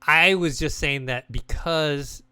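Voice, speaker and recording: A man co-hosting a games podcast, talking in a loose, rambling way with frequent restarts. His voice is bright and clean, recorded dry and close with almost no room sound. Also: on the high side, takes it slowly, clear, resonant tone, dry recording. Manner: relaxed, rambling, many restarts and fillers. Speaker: podcast co-host. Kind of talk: casual chat.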